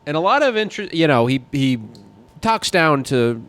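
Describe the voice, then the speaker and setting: A man's voice: on the high side, sing-song, moderate pace, fairly bright tone. A man co-hosting a casual political podcast, talking in a heated, rambling way with frequent restarts. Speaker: podcast co-host.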